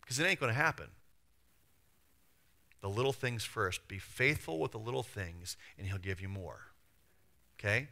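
Man, pastor, church sermon, bright voice, dramatic quoted voices. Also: medium pitch. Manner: animated, acts out voices and quotes.

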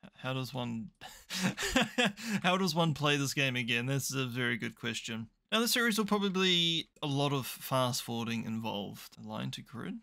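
A man's voice: mid-range voice, animated, brisk, vocal fry, pushed and bright. A young man commentating a management game, chatty and thinking aloud with dry, self-mocking asides. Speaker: gaming YouTuber. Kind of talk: casual let's play commentary.

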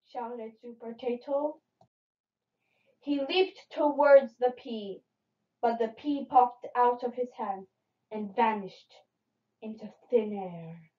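Woman reading kids books really slow, lively and dramatic, highish voice, dull lo-fi sound. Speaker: storybook reader. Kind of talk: children's storybook reading.

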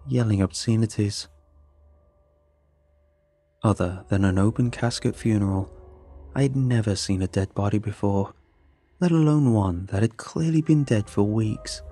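A man reading a horror story aloud in a measured, scripted narration. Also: lowish voice, warm tone. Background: faint music.

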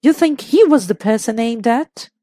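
A woman voicing a thoughtful older man, a retired police chief, in a measured, musing way. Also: a little high, expressive, mellow, dry recording, clean studio sound.

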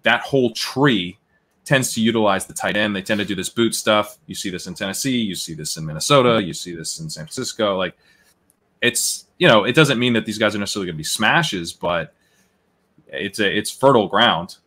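A man's voice: on the low side, animated, a little fast, pushed and bright. A man, a guest analyst in a casual live-draft podcast chat, explaining his reasoning at length. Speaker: guest fantasy football analyst.

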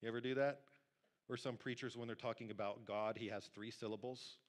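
A male pastor preaching a sermon to a church congregation in a lively, conversational way, talking directly to the people in the pews. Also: medium pitch, brisk. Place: church sanctuary.

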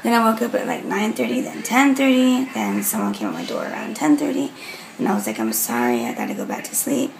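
A woman's voice: low voice, big pitch swings, a little fast, creaky, a little hiss or hum, low-quality recording. A young woman hair stylist rambling through a casual vlog at home. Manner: rambling, chatty, slips into whispers.

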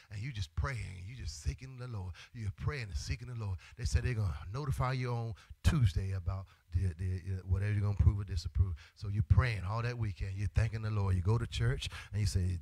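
Gravelly-voiced preacher, fervent and sing-song. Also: male voice, lowish voice, fairly quick, no room sound. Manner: swings from hushed to shouted, chants phrases in sung cadence. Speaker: pastor. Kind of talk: impassioned sermon. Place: church sanctuary.

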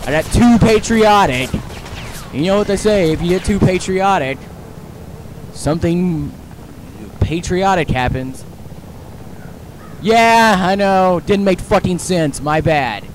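A man doing casual let's play commentary into his own mic, crude and profane, joking and rambling, and now and then bursting into loud mock-patriotic yelling. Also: high-pitched, lively intonation, slow pace, long pauses, slight background noise. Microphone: personal computer mic.

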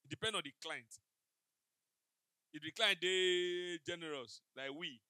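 A man's voice: high-pitched, unhurried, clear, resonant tone, no echo. A man doing stand-up comedy on stage, telling stories in pidgin and acting out the dialogue. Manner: animated storyteller mixing pidgin, acting out dialogue. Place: comedy stage before a live audience.

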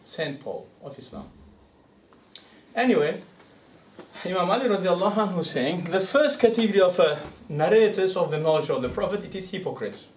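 A man's voice: high voice, animated, normal speed, a little mellow, far from the mic, a little hiss or hum. A man giving a religious lecture to an audience, speaking conversationally and often asking rhetorical questions. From Uzbekistan. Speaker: Islamic scholar lecturing. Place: lecture hall. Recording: echoey room, speaker away from the mic.

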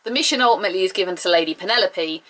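A woman's voice: on the low side, racing, fairly bright tone. A woman giving a chatty, enthusiastic review of a TV episode, with playful asides.

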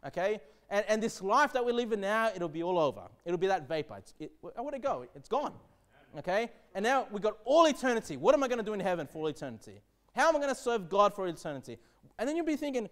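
A man preaching a sermon as pastor, reading scripture slowly and emphatically and checking in with the congregation with frequent "okay?". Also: high-pitched, very animated. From Australia.

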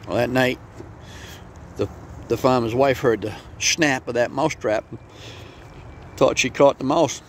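A man's voice: mid-range voice, measured pace, pauses often. Friendly folksy guy doing a motivational story on his vlog, faint background noise. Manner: folksy, friendly, plain-spoken. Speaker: vlog host.

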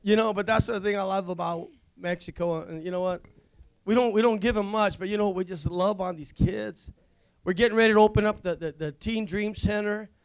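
A man, a visiting pastor, giving a rambling, excitable testimony at a church service, full of restarts. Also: high voice, fairly quick, clean tone. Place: church sanctuary.

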